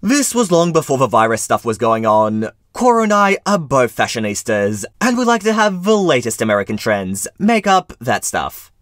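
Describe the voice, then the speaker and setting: A man reading Reddit stories aloud with his own commentary, in an expressive storytelling manner. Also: mid-range voice, moderate pace, hardly any pauses, no room sound, studio quality. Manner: animated, expressive storytelling with wide swings. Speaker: narrator.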